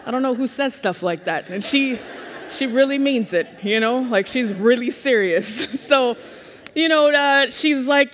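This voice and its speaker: Thirtysomething woman doing a funny keynote, lively and self-mocking, voice ringing in a big hall. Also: high voice, a little slow. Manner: animated, self-mocking, comic timing. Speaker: keynote speaker. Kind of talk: humorous personal storytelling speech.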